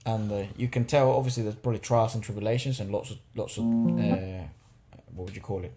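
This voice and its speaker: A man co-hosting a podcast, chatting in a relaxed way and swearing casually while reacting to music videos. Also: lowish voice, fairly quick. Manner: laid-back, swears casually. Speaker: podcast co-host. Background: faint music from videos.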